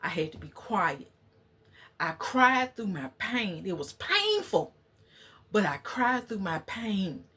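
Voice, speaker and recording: A woman's voice: medium pitch, sing-song, takes it slowly, pushed and bright, husky. A woman vlogger in casual, preachy chat with her viewers. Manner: chatty, preachy, talks to viewers as y'all. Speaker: channel host.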